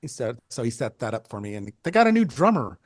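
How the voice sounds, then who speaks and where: An older man, a photographer, telling stories in an interview in a rambling, animated way, acting out the people he quotes and often restarting his sentences. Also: mid-range voice, quick pace, dry recording, studio quality. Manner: animated, acts out quoted voices. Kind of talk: conversational storytelling.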